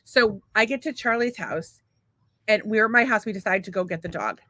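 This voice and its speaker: A woman's voice: mid-range voice, animated, fairly quick, pushed and bright, no echo. A woman co-hosting a podcast, telling a long story in a casual, rambling, profane and self-mocking way. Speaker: podcast co-host.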